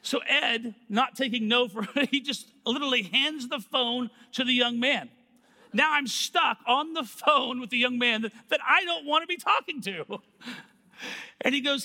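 A man preaching a sermon, telling a story with animated quoted voices and laughter. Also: very high-pitched, measured pace, vocal fry, big-room sound.

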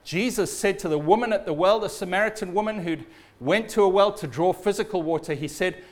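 Man, high voice, sermon, storytelling preacher, trails off low and soft at phrase ends. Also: fairly quick.

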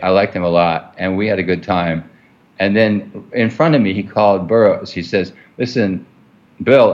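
Low-voiced man telling a rambling story. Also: highs cut off. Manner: rambling, with many fillers and restarts. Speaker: interviewee. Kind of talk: storytelling in a conversation.

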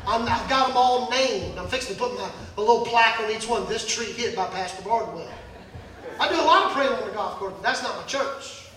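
A man's voice: very high voice, fairly quick, fairly bright tone, heavy reverb, recorded from a distance, rough recording. A male pastor preaching a sermon in a church, folksy and joking, acting out Bible scenes. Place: church sanctuary.

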